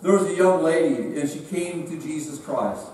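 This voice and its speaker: A man's voice: on the high side, animated, normal speed, darkish tone, slight background noise. A man with a Central California accent preaching a sermon in a church, telling stories in a folksy, emphatic way. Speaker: visiting preacher. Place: church sanctuary. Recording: echoey church from far off.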